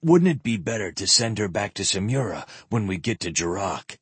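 Heavily acted, this storybook reading has a man playing a grave, anxious squire in a low, quiet voice. His husky, breathy tone is sing-song at normal speed, and the recording is close and dry with no sense of room.

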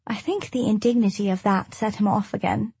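Husky woman reading an audiobook. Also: medium pitch, fairly even intonation, fairly quick, dark tone, dry recording. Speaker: narrator. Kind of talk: first-person audiobook narration.

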